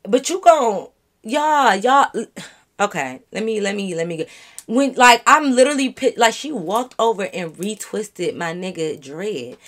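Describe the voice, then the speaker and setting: A woman vlogger telling a story straight to her viewers in an animated, profane, casual way. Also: medium pitch, unhurried.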